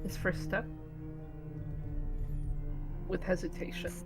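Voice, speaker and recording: A woman's voice: on the low side, flat delivery, slow pace, music in the background. A woman player casually describing her character's actions in a tabletop game, in a loose, hesitant way. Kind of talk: casual chat.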